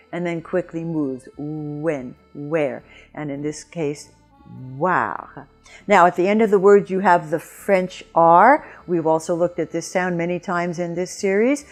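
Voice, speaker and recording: A woman teaching pronunciation in a video lesson, speaking clearly and deliberately as she models each sound slowly. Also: lowish voice, darkish tone. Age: older.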